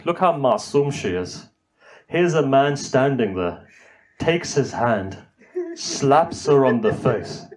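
A middle-aged man with a darkish, mid-range voice recites an emotional majlis sermon. His voice rises as he tells a mournful, grief-laden story and pleads with his listeners.

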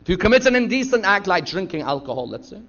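A man's voice: high voice, big pitch swings, fast talker, a bit bright. A man preaching a sermon from the pulpit, retelling stories dramatically and acting out the dialogue. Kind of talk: sermon storytelling. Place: lecture hall pulpit. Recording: dull lo-fi sound.

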